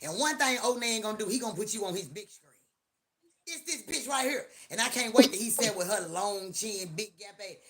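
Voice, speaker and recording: A middle-aged woman hosting a live stream, talking in a loud, profane, joking rant. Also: medium pitch, animated, a little fast. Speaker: livestream host. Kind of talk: casual live-stream chat.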